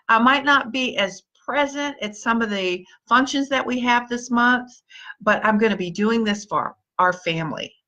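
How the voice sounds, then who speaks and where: A woman with a bright, forceful voice gives an upbeat live-stream pep talk and calls out viewers by name. The audio is dull and lo-fi, as from a live stream. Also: fairly high pitch. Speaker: motivational speaker and team leader.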